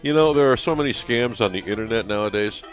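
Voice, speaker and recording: A man's voice: medium pitch, quick pace, soft background music. A man co-hosting a radio show, telling jokes with hesitant fillers and laughing along. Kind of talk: joke-telling radio banter. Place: radio studio.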